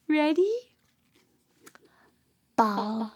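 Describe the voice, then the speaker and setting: A woman speech therapist reading a picture book aloud to toddlers, sing-song and full of delighted gasps, sometimes dropping to soft whispers. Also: high-pitched, big pitch swings, unhurried.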